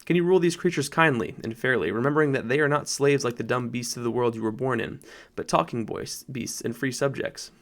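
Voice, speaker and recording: Aslan, a man voicing a grave, gravelly lion. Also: a bit bright, natural voice. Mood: solemn. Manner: slow, grave, low and deep. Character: great lion, deep-voiced, solemn and kingly. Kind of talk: audiobook narration.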